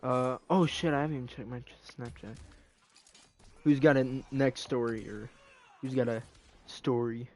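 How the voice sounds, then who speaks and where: A man chatting casually with friends, telling stories with excitement and frequent swearing. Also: medium pitch, moderate pace, long pauses. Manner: excitable storyteller, swears often. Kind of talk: casual chat among friends.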